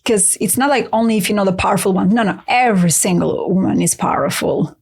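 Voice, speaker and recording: Chatty woman guest, animated storyteller. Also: gravelly, husky. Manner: lively, acts out quoted voices with jumps in pitch; says "LOL" aloud, quick and chatty. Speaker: guest author.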